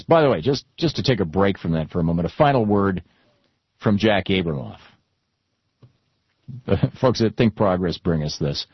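A man's voice: sits low, breathy edge, no echo, dull audio. A middle-aged man hosting a talk radio show, lecturing in an indignant, sarcastic way.

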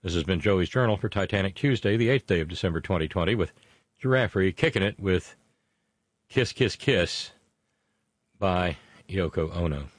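In a dry, clean studio recording, a man with a low, expressive voice hosts a live show at a moderate pace, pausing often. He rambles through jokes and puns and stumbles and restarts as he reads out viewer messages.

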